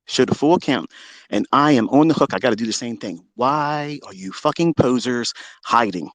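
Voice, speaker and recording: Profane boastful man ranting loudly. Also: lively intonation, normal speed, no echo. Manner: swings between loud outbursts and low muttering. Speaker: trading educator and Twitter Space host. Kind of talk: heated live rant.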